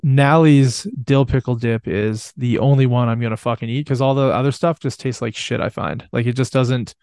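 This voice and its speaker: A man's voice: mid-range voice, fairly even intonation, moderate pace, darkish tone, clean tone, dry recording, clean studio sound. Easygoing, rambling man in casual chat. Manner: rambling, easygoing, trails off mid-sentence.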